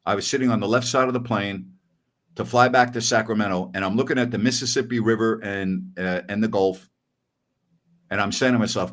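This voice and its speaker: A middle-aged man and sports radio host telling a story in casual podcast chat, animated and acting out voices. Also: on the low side, brisk.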